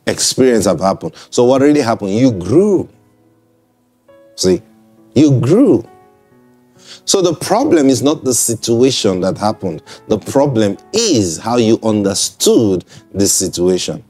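A man's voice: mid-range voice, dark tone. A man preaching in a broadcast sermon. He speaks conversationally, repeats himself and checks in with listeners.

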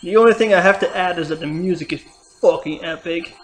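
A let's player with a fairly low voice talks briskly over faint game music. She commentates as she plays, swearing and yelling at the game with each setback.

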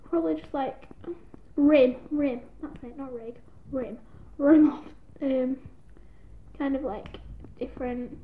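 A young woman vlogging in a rambling, self-deprecating casual chat to camera, recorded on a tablet. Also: high-pitched. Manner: giggly, self-deprecating, scattered. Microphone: tablet built-in mic. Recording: tinny lo-fi tablet audio with faint hiss.

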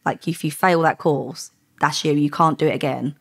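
A middle-aged woman, a former undercover police officer, telling lively stories in a podcast interview and acting out the dialogue. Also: low-pitched, normal speed, gravelly, husky. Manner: lively anecdotes with quoted dialogue, frequent laughs.

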